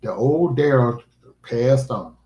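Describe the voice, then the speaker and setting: Man, earnest vlogger, emphatic and preachy, mid-pitched, roomy echo. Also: slow pace, mellow. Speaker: livestreaming vlogger. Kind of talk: casual heartfelt livestream talk.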